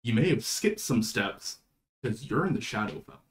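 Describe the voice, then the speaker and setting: A man narrating a tabletop game as game master, setting scenes at a measured pace. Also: on the low side, big pitch swings. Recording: roomy echo.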